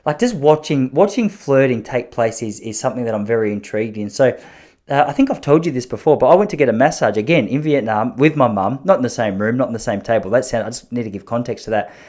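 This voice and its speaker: A man hosting a podcast, telling long self-mocking stories in an animated way, with frequent restarts. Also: mid-range voice, quick pace. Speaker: podcast host. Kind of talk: storytelling podcast chat.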